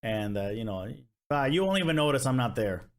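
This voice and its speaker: A man's voice: mid-range voice, sing-song, a little fast. A laid-back man chatting as a guest, hesitant and sighing as he explains. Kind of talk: casual chat.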